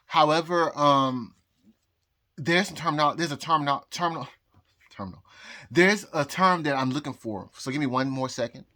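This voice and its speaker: A man rambling in a casual vlog, full of pauses and restarts. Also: fairly high pitch, bright, forceful tone, no room sound. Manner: hesitant, many ums and restarts. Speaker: vlogger. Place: outdoors, then indoors at home.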